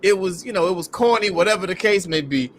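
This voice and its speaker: A man's voice: high-pitched, lively intonation, quick pace, slight background noise. A man hosting a podcast, ranting in heated, profane, incredulous commentary. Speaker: podcast host.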